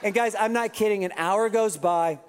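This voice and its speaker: A man preaching a sermon, telling a funny story with quoted voices and lively asides. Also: high-pitched, normal speed, smooth. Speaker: pastor. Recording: reverberant hall.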